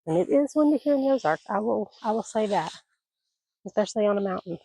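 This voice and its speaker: A woman's voice: mid-range voice, expressive, quick pace, vocal fry, mellow, husky, no room sound. A retired woman in her sixties vlogging casually outdoors on her mountain homestead, chatting into a phone camera in a rambling, folksy way, her voice a little scratchy from allergies. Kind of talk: casual vlog chat.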